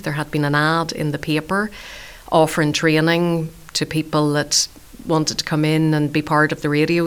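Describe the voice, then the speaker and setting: A woman's voice: sits low, a bit bright, clean tone. A woman in her late thirties, a food show presenter on community radio, telling her story in a chatty, self-deprecating interview.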